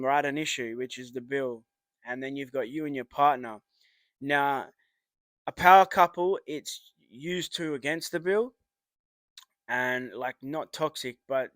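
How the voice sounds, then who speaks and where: A man's voice: medium pitch, fairly bright tone, no room sound. A man talks straight at the listener in a casual advice monologue, rambling and swearing as he goes. He uses blunt, matey slang and acts out remembered arguments. His voice sits in a middling range and sounds dry and close, with no room around it. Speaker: vlogger giving relationship advice.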